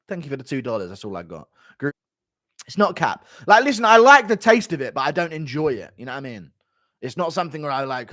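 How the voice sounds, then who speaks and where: Male streamer, 25, blunt and offhand, bouncy pitch, dry close sound. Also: sing-song, fairly quick, a bit bright, no echo. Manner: blunt, offhand, banters with chat. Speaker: livestream host. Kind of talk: casual livestream chat reading donations.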